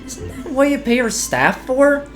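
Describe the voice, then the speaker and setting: A woman's voice: sits high, big pitch swings, measured pace, faint music behind, pitched above the performer's own voice. Woman reading a blunt little star sprite. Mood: dry.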